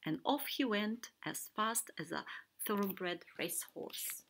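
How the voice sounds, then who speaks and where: A woman reading a children's picture book aloud, animated and sometimes dropping to a whisper. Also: mid-range voice, slow pace, creaky. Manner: animated, switching voices for characters, soft whispers. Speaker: storybook reader. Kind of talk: children's read-aloud narration.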